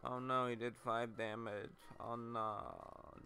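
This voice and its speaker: A man's voice: mid-range voice, level tone, slow, few pauses, pushed and bright, smooth, soft background music. A man hosting a let's play, rambling through crude, self-mocking jokes while commenting on the game.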